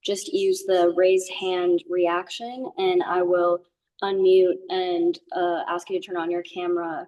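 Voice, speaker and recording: A woman moderating an online meeting, giving calm, practical instructions. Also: on the low side, slow. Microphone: video call microphone. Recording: distant mic on a video call.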